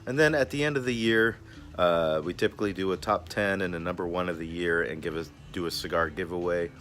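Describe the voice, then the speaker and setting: Speaking fairly quickly in a low-pitched, slightly bright voice, a laid-back man reviews a cigar for a casual vlog. He chats freely and frequently refers to himself by his nickname in the third person. He's recorded out in a backyard.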